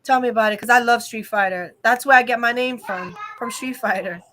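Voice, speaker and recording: A woman's voice: a little high, fairly quick, pushed and bright. A young adult woman hosting a casual live-stream chat, giving an opinionated, rambling rant full of fillers. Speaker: vlog host.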